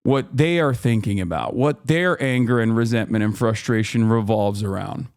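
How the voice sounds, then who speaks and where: A man commenting on a live stream, ranting in an animated, profane way. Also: lowish voice, normal speed, clear, resonant tone. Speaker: streamer reacting to clips.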